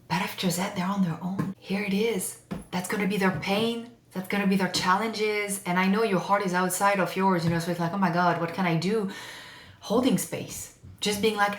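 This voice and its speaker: A woman's voice: mid-range voice, fairly even intonation, moderate pace. A woman in her forties, a therapist talking as a podcast guest in an earnest way, repeating phrases for emphasis. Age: 40s. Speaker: guest, family constellation therapist. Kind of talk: casual podcast conversation. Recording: roomy echoey room.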